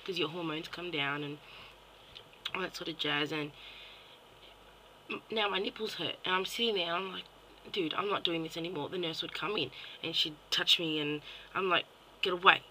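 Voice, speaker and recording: A woman's voice: on the low side, normal speed, pauses often, sharp tone, a little hiss or hum, low-quality recording. A young Australian woman and mum ranting bluntly and profanely into her webcam at home late at night. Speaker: vlogger. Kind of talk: ranting vlog monologue.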